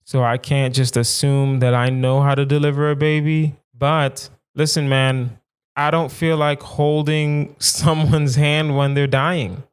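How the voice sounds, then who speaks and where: A young adult man hosts a solo comedy podcast in a smooth, somewhat high voice at a measured pace. He's animated, riffing emphatically and repeating lines for effect.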